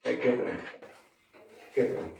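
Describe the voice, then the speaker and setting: A man with a Russian accent teaching an English lesson in a classroom, speaking slowly and simply and often asking "you see?". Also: noisy background. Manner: slow, repetitive, keeps asking "you see?". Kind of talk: slow classroom lecture to students. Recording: echoey room, distant mic.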